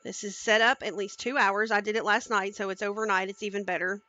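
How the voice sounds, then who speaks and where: A woman's voice: mid-range voice, fairly even intonation, brisk, sharp tone, no echo, lo-fi sound. A woman cooking on a live stream, chatting casually and talking viewers through each step into a headset mic in her home kitchen.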